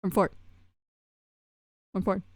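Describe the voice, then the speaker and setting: A woman's voice: takes it slowly, a little mellow, no echo, clean studio sound, close to an everyday voice. A woman streamer voicing a greedy, indignant male pet frog who complains in a whiny, huffy way. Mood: fussy. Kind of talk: streamer doing a character voice.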